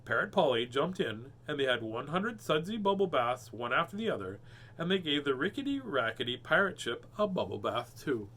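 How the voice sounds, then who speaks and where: A man hosting a storybook reading, animated and cracking puns between pages. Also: medium pitch, fairly quick, a little hiss or hum. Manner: animated, punning and joking. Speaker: host reading children's books. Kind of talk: storybook read-aloud with joking asides.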